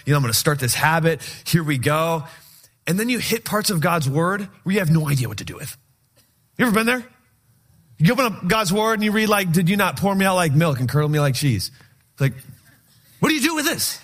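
A man in his forties preaching a sermon in a fairly high voice. He is animated and joking, and he acts out his own baffled reactions as he tells his stories. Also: a little fast. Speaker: pastor.

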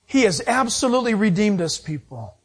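A man's voice: high voice, sing-song, a little fast, slightly rough. A middle-aged male pastor preaching a sermon, acting out quotes and laughing as he goes.

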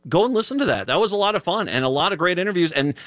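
Rambling, tired radio host with a bright voice. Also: male voice, high voice, big pitch swings, very fast, no room sound. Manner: rambling, with many restarts and laughs. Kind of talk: casual live radio chat. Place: radio studio.

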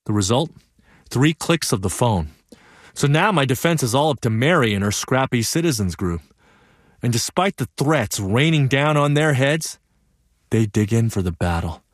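A young man performing a one-man theatrical monologue, narrating with vivid, animated storytelling. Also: medium pitch, moderate pace, no room sound, clean studio sound. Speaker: solo stage performer and narrator.

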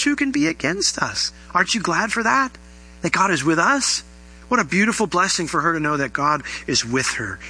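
A male pastor delivering a sermon, teaching verse by verse and asking the congregation questions. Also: rough recording. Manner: animated preaching, rising pitch on questions.

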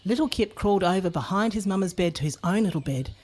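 A woman narrating a children's storybook in a playful, expressive way. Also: mid-range voice, quick pace, slight background noise.

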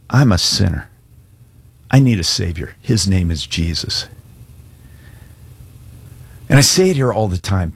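Man, pastor, low voice, husky, dry, earnest sermon, conversational. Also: no echo. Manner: earnest, conversational preaching with casual slang. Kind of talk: sermon with altar call.

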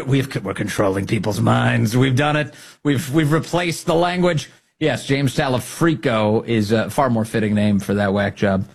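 Husky guy ranting on his political podcast, mocking, laughs a lot. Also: on the low side. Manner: mocking, animated, laughs often. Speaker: podcast host. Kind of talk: political commentary.

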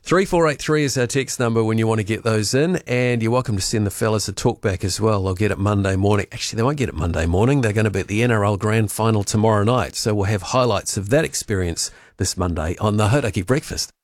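A man's voice: on the low side, quick pace, few pauses, no room sound. A chatty man banters on a radio show, jokey and breezy. His studio voice sounds close and dry, with no room sound at all. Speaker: radio host. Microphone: studio mic.

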